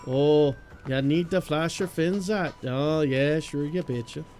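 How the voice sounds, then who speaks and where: A man's voice: fairly high pitch, unhurried, mellow, faint music behind. A man streaming a game, chatting casually with a joking, loose manner and swearing freely.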